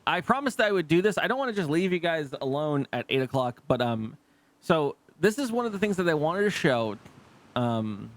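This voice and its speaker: A man streaming live, talking casually to his chat, rambling with frequent restarts, swearing freely and laughing easily. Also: fairly high pitch. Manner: rambling, lots of restarts and fillers. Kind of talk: casual live gameplay commentary.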